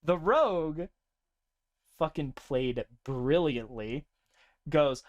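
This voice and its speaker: A young man co-hosting a podcast, casually recounting a tabletop game session with lively laughter. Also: a little slow, clear, resonant tone. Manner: animated, laughing often, breaks into high-pitched character voices. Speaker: podcast co-host.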